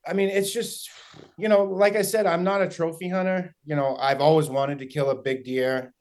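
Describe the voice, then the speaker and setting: Excitable man telling a hunting story. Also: a little high, normal speed. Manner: excited, rambling, many fillers and quoted dialogue. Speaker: guest hunter. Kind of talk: casual storytelling.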